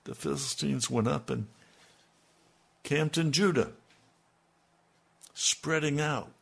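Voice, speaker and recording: Male preacher, gravelly and husky, folksy sermon storytelling with asides. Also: fairly high pitch, slow. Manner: folksy retelling with conversational asides.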